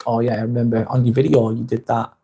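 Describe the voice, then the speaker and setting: A man's voice: medium pitch, flat delivery, fast talker, dark tone, breathy edge. An English man hosting a live vlog, chatting casually, reading out viewer comments, blunt and swearing freely.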